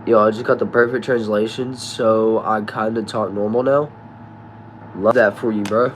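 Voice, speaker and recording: A man's voice: lowish voice, fairly even intonation, moderate pace, slight background noise. A man casually chatting with his viewers and reading their comments aloud in laid-back slang. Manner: laid-back slangy talk, addresses viewers as y'all and bro. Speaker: streamer reading chat. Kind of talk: casual live chat.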